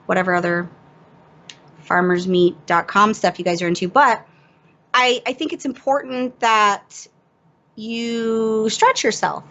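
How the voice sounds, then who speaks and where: A woman chats on a podcast and tells a story against herself, lively and laughing at her own blunders. The audio is dull and lo-fi, as if through a cheap mic. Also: mid-range voice. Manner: animated, self-mocking, laughs through the story. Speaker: podcast guest. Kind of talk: casual storytelling chat.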